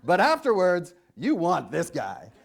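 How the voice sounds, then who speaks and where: A man delivering a stand-up keynote on stage, his pitch rising and falling with animated range as he tells his story. He acts out both sides of a talk with his doctor, speaking to a live audience through a stage microphone. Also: a little slow, vocal fry. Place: large hall with a live audience.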